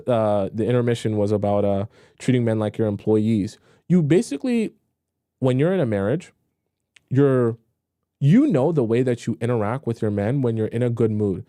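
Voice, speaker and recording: A young man gives dating advice on a live stream in a blunt, conversational way, often repeating a phrase before he finishes it. His voice sounds mellow and relaxed, with a middling pitch. The sound is dry and close, with no room around it. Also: no echo. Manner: blunt, repetitive, conversational, acts out pleading voices mockingly. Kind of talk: live-stream advice talk, reading viewer questions.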